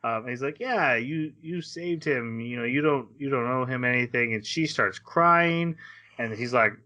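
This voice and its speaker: A man with a bright, forceful, medium-pitched voice speaks at normal speed while co-hosting a podcast. He casually recaps an anime episode, rambling, laughing, and acting out lines, on a lo-fi recording.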